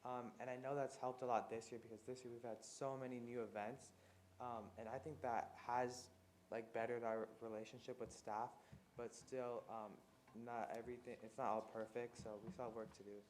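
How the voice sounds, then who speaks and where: A man student leader on a school board meeting panel. He talks haltingly with many ums. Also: medium pitch, little pitch movement, darkish tone, slight background noise. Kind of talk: meeting discussion.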